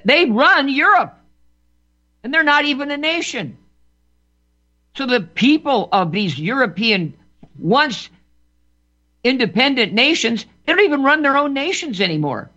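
In a dull lo-fi recording, a man with a very high-pitched, bright, forceful voice gives an emphatic political monologue as a commentator, frequently repeating words and restarting phrases.

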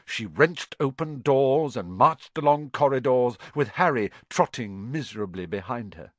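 A man narrating an audiobook in an expressive reading style. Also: measured pace, dry recording. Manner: expressive, swinging pitch. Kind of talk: scripted narration.

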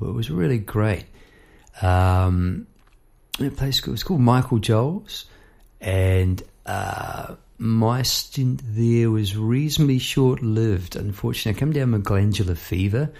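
Gravelly man telling a yarn. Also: unhurried. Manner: animated, chirps bird noises and acts out people in high voices. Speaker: storyteller. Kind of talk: casual anecdotal storytelling.

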